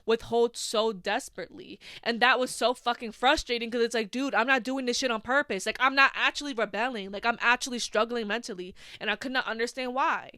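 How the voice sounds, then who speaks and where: Talking fast with few pauses, a twenty-something woman hosts her own podcast in a blunt, heavily profane monologue peppered with "like." Her fairly high, sharp voice comes across smooth and dry in a clean studio recording.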